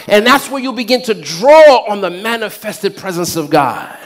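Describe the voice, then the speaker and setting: Pastor, male, high voice, preaching with call-and-response and shouted peaks. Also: expressive, moderate pace, hardly any pauses. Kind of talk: sermon. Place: church.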